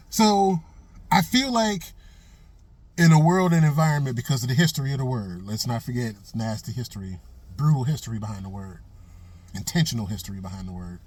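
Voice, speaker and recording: Here a middle-aged man rants casually on his vlog, swearing and spinning stories while hammering points through repetition. His medium-pitched voice is a little fast, somewhat mellow and slightly rough, with no room sound.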